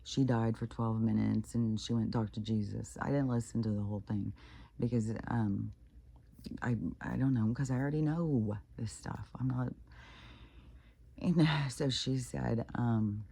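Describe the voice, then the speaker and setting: A woman's voice: very deep voice, steady tone, unhurried, gravelly, warm tone, slightly rough. A woman vlogger talking in a casual, rambling monologue, full of fillers and the odd swear word. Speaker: spiritual vlogger.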